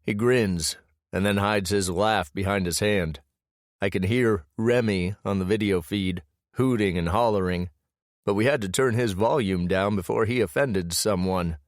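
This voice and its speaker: A man reads a romance audiobook in the first person, slow and measured. His voice is low and intimate. It is recorded close and dry. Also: no echo. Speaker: audiobook narrator.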